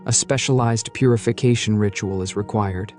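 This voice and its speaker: A man's voice: fairly low pitch, moderate pace, a little mellow, faint music behind, natural voice. A man voicing a pushy, eager male vice president in a matter-of-fact way.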